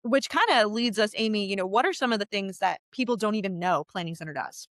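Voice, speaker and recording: A woman's voice: mid-range voice, expressive, quick pace, fairly bright tone, dry recording. A woman hosting a casual live interview, chatty and enthusiastic. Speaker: host.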